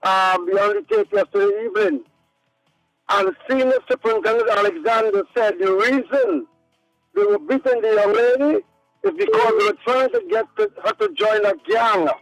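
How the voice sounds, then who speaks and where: Male caller with a very high, lively, gravelly voice, indignant and animated. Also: moderate pace, dry recording, faint music behind, low-quality recording. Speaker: radio call-in caller. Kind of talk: phoned-in comment on a talk show.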